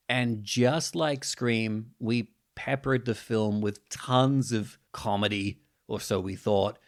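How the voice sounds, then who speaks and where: A man with a New Zealand accent, hosting a podcast and telling a story in a casual, animated monologue. He jumps up in pitch to stress his points. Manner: animated, jumping in pitch for emphasis. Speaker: podcast host.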